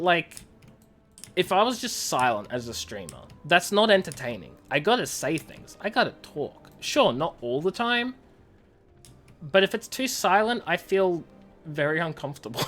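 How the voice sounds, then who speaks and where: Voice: mid-range voice, sing-song, normal speed, fairly bright tone, faint music behind. A game streamer chatting casually while playing, joking and laughing often. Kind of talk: casual gameplay chat.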